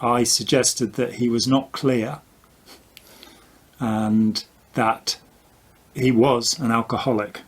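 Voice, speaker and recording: Husky older man explaining with dry wit. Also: mid-range voice, fairly even intonation, takes it slowly, long pauses. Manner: explanatory with dry, wry jokes. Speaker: author and commentator. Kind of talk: casual conversational debunking.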